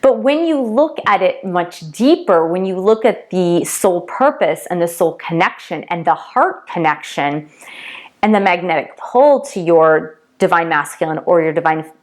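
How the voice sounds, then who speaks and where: Woman coach talking it through, stresses words, keeps saying okay and right, jumps loud then soft. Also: fairly low pitch, animated, a little slow. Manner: emphatic, repeats key words, checks in with "okay?" and "right?". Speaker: twin flame coach and tarot reader. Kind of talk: casual teaching monologue.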